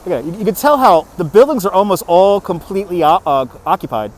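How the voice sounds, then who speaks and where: A man's voice: high voice, animated, quick pace. A man from New York City hosting a casual live-stream walking tour, chatting and joking with viewers as he goes. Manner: chatty, answers viewer comments, jokey. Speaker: livestream host. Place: outdoors on a city street at dusk. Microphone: phone on a handheld gimbal. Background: traffic and street ambience.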